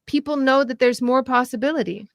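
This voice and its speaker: A woman talking casually about politics as a podcast guest, animated and laughing often, with frequent restarts. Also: high-pitched, fairly quick, no echo, studio quality.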